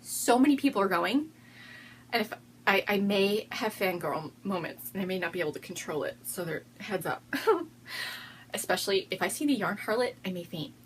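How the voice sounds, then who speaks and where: A woman's voice: medium pitch, lively intonation, normal speed, slight background noise. A woman hosting a casual video podcast, chatting in a bubbly way and often breaking into laughter. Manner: giggly, bubbly, prone to fits of laughter. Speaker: podcast host.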